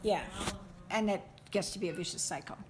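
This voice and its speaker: A middle-aged woman teaching a group of parents in a lively, animated way, often acting out what parents say and laughing. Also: mid-range voice, brisk. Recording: echoey room, faint background noise.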